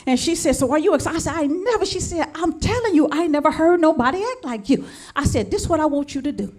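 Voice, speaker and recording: A woman doing stand-up, telling a story with lively dialogue and acting out both sides of phone calls. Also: high voice, quick pace. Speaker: stand-up comedian. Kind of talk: stand-up comedy routine.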